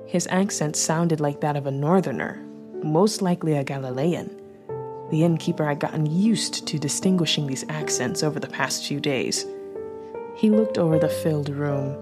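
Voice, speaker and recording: Woman audiobook narrator, low voice, measured, light music bed. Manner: measured storytelling.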